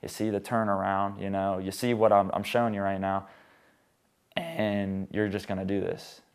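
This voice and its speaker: A man's voice: fairly low pitch, little pitch movement, moderate pace, clear, resonant tone. A young man telling his conversion testimony as a guest, rambling, with many restarts.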